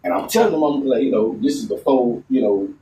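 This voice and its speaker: Brief: Texan man, mellow relaxed voice, casual profane storytelling, recorded from a distance with a roomy sound. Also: mid-range voice, a little fast, slight background noise. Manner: laid-back, profane, rambling storytelling. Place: outdoors in a garden.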